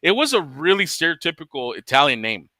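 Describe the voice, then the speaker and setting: Guy hosting a chat, super bright voice, swears a ton while he rants, dry mic. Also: fairly high pitch, very animated, a little fast, no echo. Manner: profane, ranting, laughs often. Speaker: podcast host. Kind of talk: casual chat.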